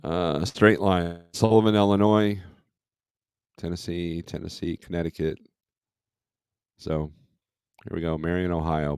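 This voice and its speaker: A man's voice: deep voice, little pitch movement, unhurried, long pauses, darkish tone, clean tone, dry recording, studio quality. A man hosting a casual trucking livestream, rambling as he reads load listings aloud and comments on them. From Michigan.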